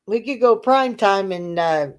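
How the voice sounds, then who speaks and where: Woman host, slow bawdy banter, lively swooping voice, keeps laughing. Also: medium pitch. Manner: bawdy joking, laughs constantly. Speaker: livestream co-host. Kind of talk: casual livestream chat.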